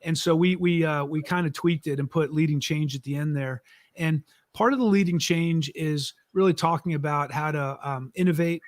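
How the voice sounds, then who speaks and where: A middle-aged man, an author and former executive, talking in a relaxed, conversational way with frequent fillers in an interview. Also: a little high, normal speed, no room sound. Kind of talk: casual interview talk.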